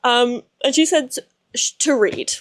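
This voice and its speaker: A woman's voice: fairly high pitch, unhurried, dry recording, studio quality. A woman hosting a podcast, talking frankly and casually in a personal monologue, swearing freely and filling with likes. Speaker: podcast host.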